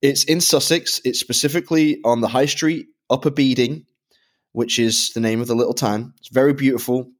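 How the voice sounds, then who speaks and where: A man's voice: mid-range voice, steady tone, normal speed. A man from Britain co-hosting a podcast, explaining a product review in methodical detail. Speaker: podcast co-host.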